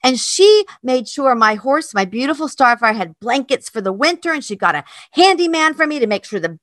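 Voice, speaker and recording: A woman from North Carolina, a podcast host and dog trainer, telling a heartfelt story in a casual, animated way. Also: sits high, no echo, clean studio sound. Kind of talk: casual chat.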